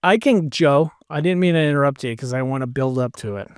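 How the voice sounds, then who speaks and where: A man's voice: medium pitch, clear, resonant tone, dry recording, clean studio sound. A man co-hosting a casual podcast, teasing and cracking jokes. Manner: joking, quick to tease and interrupt. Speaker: podcast co-host. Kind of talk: casual chat.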